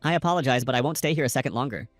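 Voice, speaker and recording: A man's voice: medium pitch, rapid-fire, no room sound, soft background music, close to an everyday voice. A man voicing a defiant young male swordsman, stubborn and urgent in tone. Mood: determined.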